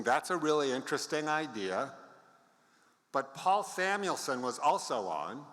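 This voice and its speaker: A man's voice: medium pitch, pushed and bright. A man in his seventies giving a conference talk, telling anecdotes with wry asides to the audience. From United States. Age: 70s. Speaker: conference speaker. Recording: long reverb of a large hall.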